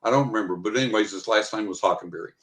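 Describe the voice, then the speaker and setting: A man's voice: lowish voice, rapid-fire, a bit bright, poor audio. Older guy, psychic guest, chatty storyteller who acts out his lines. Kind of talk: storytelling interview.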